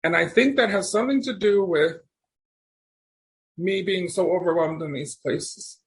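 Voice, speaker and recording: A man as a podcast guest, telling stories in a rambling, animated way and often restarting his sentences. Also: high voice, a little slow. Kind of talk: casual storytelling conversation.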